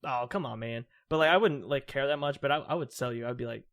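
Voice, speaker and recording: A young man co-hosting a podcast chats casually, rambling with lots of fillers and restarts. His voice is medium-pitched and fairly bright, and he talks fast.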